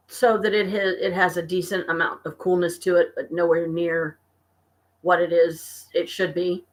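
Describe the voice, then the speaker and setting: An exhausted, stressed woman venting to her viewers in a casual live-stream chat from her apartment, talking slowly and haltingly. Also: fairly low pitch, a bit bright. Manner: weary, venting, slow and halting. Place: home apartment.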